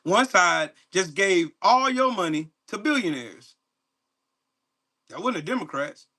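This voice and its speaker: Dude yelling at his livestream chat, swears nonstop, mocking, aave, high bright voice. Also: big pitch swings, unhurried. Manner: profane, mocking, confrontational. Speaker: livestream host. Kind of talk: angry political rant to live chat.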